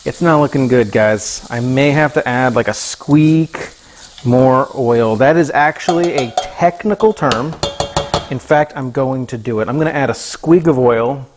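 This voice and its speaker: Over a noisy background and the sizzle of food in a pan, a man cooks on a casual livestream from his home kitchen. His medium-pitched voice keeps a measured pace as he goofily talks to the chat and his pets.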